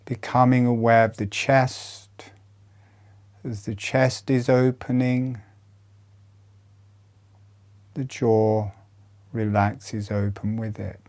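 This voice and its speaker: A man leading a guided breathing meditation, giving calm instructions softly with long pauses. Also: mid-range voice.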